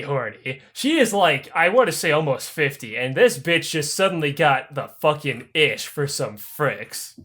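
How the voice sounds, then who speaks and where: A man's voice: on the high side, measured pace, hardly any pauses. A young man hosting a podcast, telling history as profane comedy and swearing constantly. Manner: animated, swears constantly, acts out voices mid-story. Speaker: podcast host.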